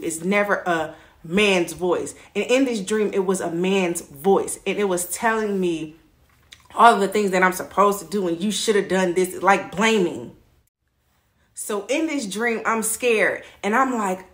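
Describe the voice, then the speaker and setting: Earnest woman, faith vlogger, mid-pitch, testimony told straight to camera. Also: fairly bright tone. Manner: earnest, repetitive storytelling.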